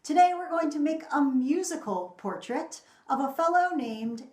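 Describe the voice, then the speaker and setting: A woman leading a children's music activity, talking slowly and singing songs. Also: sits high, animated, echoey room. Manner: slow, sing-song storytelling. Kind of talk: children's song and lesson.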